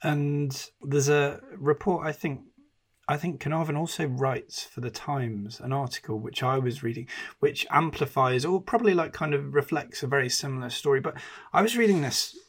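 A man's voice: on the high side, moderate pace, husky. A man hosting a podcast interview, musing aloud and leaning on filler words as he sets up his questions. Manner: musing, with many "kind of" fillers. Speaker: podcast host.

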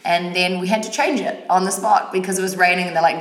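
A woman's voice: on the low side, steady tone, fast talker, fairly bright tone, roomy sound. A woman in her thirties from New Zealand with a New Zealand accent, a fitness trainer chatting as a podcast guest in a bubbly way and laughing often. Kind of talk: casual podcast chat.

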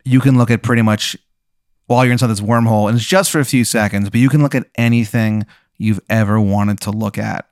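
A man's voice: on the low side, fairly even intonation, a little fast, a little mellow, no room sound, clean studio sound. Rambling, profane man spinning a story. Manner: profane, rambling second-person narration with many fillers. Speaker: host. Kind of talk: improvised storytelling comedy.

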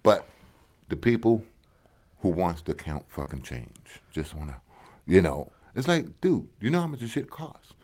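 Podcast co-host, easygoing, profane, lowish voice that swings a lot. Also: male voice, big pitch swings, unhurried, a little mellow. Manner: laid-back, swears, leans on "you know". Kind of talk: casual chat.

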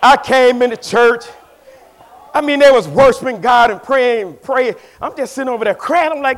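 A middle-aged man delivers a sermon in a high, ringing voice. He moves from shouted, fervent declarations to quiet, intimate storytelling and hammers home each point through repetition. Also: moderate pace. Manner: emphatic preaching, swings between shouting and hushed storytelling; drives points home by repeating phrases. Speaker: pastor.

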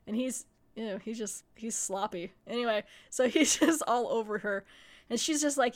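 A woman hosting a podcast, retelling an episode in a casual, animated way and acting out the characters' lines. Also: mid-range voice, fairly quick. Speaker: podcast host.

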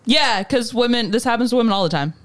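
A woman's voice: fairly high pitch, animated, fast talker. A woman co-hosting a casual podcast who gives blunt, direct opinions. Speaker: podcast co-host.

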